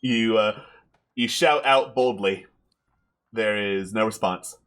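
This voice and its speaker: A man narrating as game master of a tabletop game, relaxed with frequent fillers. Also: on the low side, slow.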